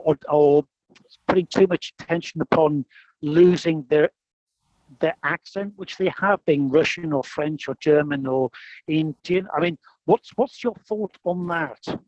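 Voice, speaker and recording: Higher-pitched British man, dull dry call line. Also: no echo. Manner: conversational, thinks aloud with fillers. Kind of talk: casual live-stream discussion. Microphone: video call.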